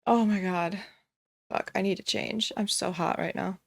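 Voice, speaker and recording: A woman's voice: mid-range voice, steady tone, moderate pace, creaky. A young woman streamer giving casual reaction commentary, often breaking into giggles as she talks. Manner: giggly, keeps breaking into laughter.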